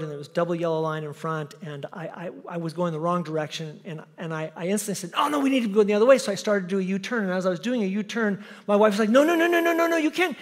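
A male pastor preaching a sermon and telling a lively personal story, acting out the other people in it. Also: sits high, long reverb tail. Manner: animated storyteller, acts out voices in anecdotes. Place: church sanctuary.

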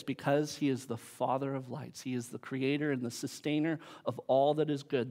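A man in the middle of a sermon, preaching with emphatic force. His voice sits at an ordinary middle pitch, and his force swells and drops back as he preaches. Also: steady tone, moderate pace, few pauses, a little mellow. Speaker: pastor.

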